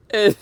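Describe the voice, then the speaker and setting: Slow-talking man, laughing as he goes. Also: sits high, breathy edge, no room sound. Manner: laughs often, halting and repeating himself. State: breathless and dizzy. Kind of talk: personal storytelling.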